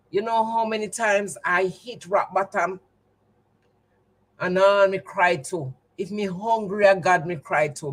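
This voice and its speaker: A woman's voice: mid-range voice, poor audio. A woman with a Jamaican accent, telling a personal story to her livestream viewers in an emphatic, repetitive, testimony-like way. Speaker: livestream host.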